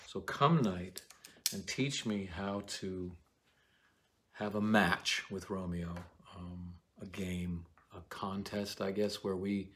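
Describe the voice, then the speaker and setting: A man giving a casual Shakespeare lecture, rambling and halting with many fillers and restarts. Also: deep voice, steady tone.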